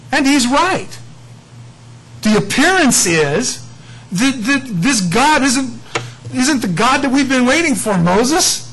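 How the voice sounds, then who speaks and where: A man's voice: extremely high pitch, fairly bright tone, husky, rough recording. A middle-aged male pastor teaching the Bible in a casual, conversational and self-mocking way.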